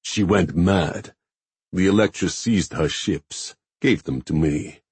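Brief: a man doing a deep, nasal, husky pirate captain in an audiobook, blunt and terse. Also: slow pace, darkish tone, dry recording, heavily acted.

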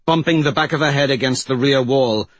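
A man narrating a fantasy audiobook in a slow, measured storytelling voice. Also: medium pitch, dry recording.

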